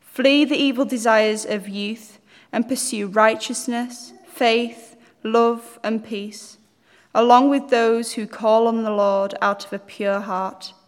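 Female scripture reader, a little high, measured delivery, hall echo. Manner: steady, measured reading. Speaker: Bible reader. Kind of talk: scripture reading. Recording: church hall reverb.

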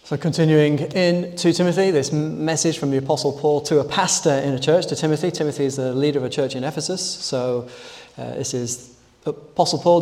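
A man's voice: fairly high pitch, a little mellow. A man preaching a sermon in a conversational style, pressing hard on key words. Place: church. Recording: church hall reverb.

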